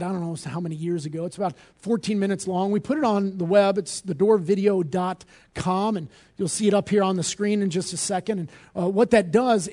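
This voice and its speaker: A man preaching a sermon as pastor, earnest and direct, rising to emphatic peaks and dropping low. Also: a little mellow.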